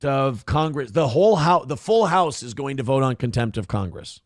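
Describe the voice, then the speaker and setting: A man's voice: medium pitch, animated, moderate pace, no echo, clean studio sound. A man hosting a casual political morning talk show, talking in a profane, sarcastic and rambling way.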